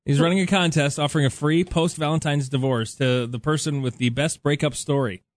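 A man's voice: on the high side, steady tone, dry recording. Joking male radio host, dry studio. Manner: jokey, quick, laughs often. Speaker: radio morning show host. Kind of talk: casual radio banter. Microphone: studio microphone.

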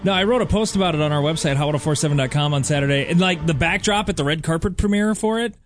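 A man's voice: on the high side, quick pace, slight background noise. Chatty wry male radio co-host. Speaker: radio morning show co-host. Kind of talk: casual radio banter.

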